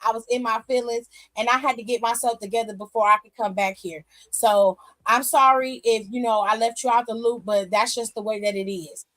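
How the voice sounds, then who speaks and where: A woman voicing a calm, apologetic woman wrestler. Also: on the high side, a little fast, hardly any pauses, voice pushed down, lightly acted.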